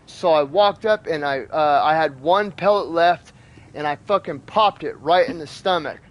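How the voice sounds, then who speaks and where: A man's voice: on the high side, moderate pace. Profane man telling a wild story. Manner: profane, animated, acts out sound effects. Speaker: gaming channel host. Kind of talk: casual storytelling over gameplay.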